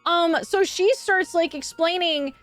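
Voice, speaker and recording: A woman's voice: very high-pitched, unhurried, a bit bright, faint music behind. A woman streamer chatting casually, telling a story in a rambling way with lots of fillers and swearing. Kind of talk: casual chat.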